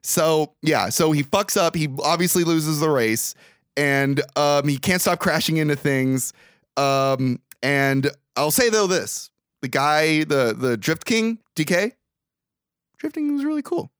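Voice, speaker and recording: A young man recapping a movie in casual podcast chat, animated, profane and mock-exasperated. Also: fairly high pitch, slow, clear, resonant tone, dry recording, studio quality. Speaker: podcast co-host.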